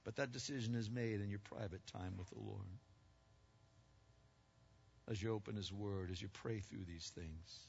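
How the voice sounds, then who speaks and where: A man preaching a sermon as pastor. His delivery swings between loud, emphatic peaks and hushed, low passages. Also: normal speed, creaky, pauses often, husky. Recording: muffled lo-fi sound with long reverb.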